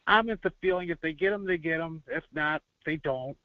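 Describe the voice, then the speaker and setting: A man's voice: a little high, normal speed, no room sound. A man from Buffalo, New York, calling in to a sports show, chatty with chuckles. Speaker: caller. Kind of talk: phoned-in fan talk. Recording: muffled phone line.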